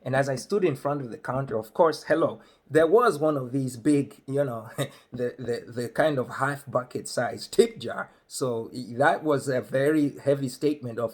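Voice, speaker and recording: Husky man with an African accent telling a funny story. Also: medium pitch, expressive, moderate pace, darkish tone. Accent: African English. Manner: conversational, acts out other voices. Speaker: comedic storyteller. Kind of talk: comedic storytelling.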